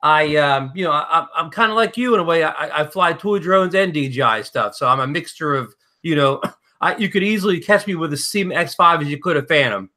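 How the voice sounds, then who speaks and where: A man's voice: fairly high pitch, lively intonation, a little fast, pushed and bright. A man co-hosting a casual live chat, talking hesitantly with stammered restarts. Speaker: co-host.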